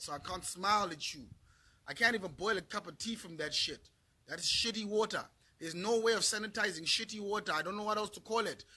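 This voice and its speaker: A middle-aged man from Zimbabwe, profane and heated, repeating himself as he rants to camera in a vlog. His voice sits high for a man, bright and a little husky. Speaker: vlogger. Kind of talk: angry rant to camera.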